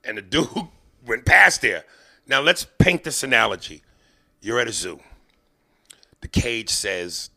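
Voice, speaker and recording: A man hosting a podcast, spinning comic stories with lots of swearing and acting out the characters in them. His voice is gravelly, with a bright, forceful edge. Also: medium pitch, unhurried, long pauses. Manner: animated, profane, acts out the people in his stories. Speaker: podcast host. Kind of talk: comedic storytelling.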